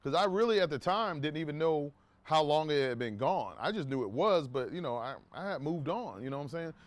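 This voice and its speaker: A brisk, animated man with a fairly high-pitched voice tells his viewers a personal story in a casual, meandering way, full of restarts and side comments. He acts out the quoted lines in a raised voice, and the recording is dry.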